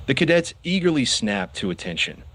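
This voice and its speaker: A man narrating a children's audiobook with expressive storytelling. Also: mid-range voice, a little fast.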